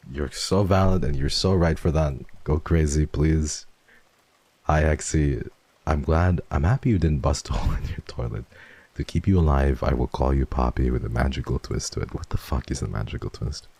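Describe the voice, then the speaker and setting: A man chatting playfully on a livestream, teasing viewers and swearing freely as he reads donations, jumping between loud bursts and hushed murmurs. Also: rumbling low, normal speed, breathy edge, no room sound. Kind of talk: casual livestream chat, reading donations.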